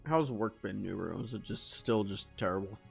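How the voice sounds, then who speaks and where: A young male streamer from Washington State with a low, gravelly voice, talking in a relaxed, rambling way as he reads out and replies to his viewers. Game music plays clearly underneath him throughout. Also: moderate pace. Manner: laid-back, rambling, reads out and answers chat. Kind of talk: casual live-stream chat.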